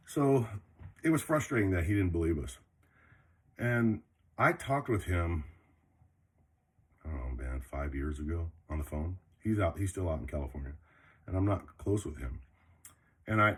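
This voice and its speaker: A man's voice: sits low, husky. An older retired man telling a rambling, profane story in a casual vlog while folding laundry. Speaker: vlogger.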